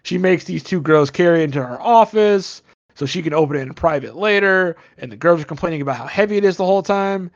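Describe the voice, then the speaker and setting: A man's voice: on the high side, animated, fast talker. A man retelling a movie plot in a casual, rambling, profane way, joking as he goes. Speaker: podcast co-host. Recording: dull lo-fi sound.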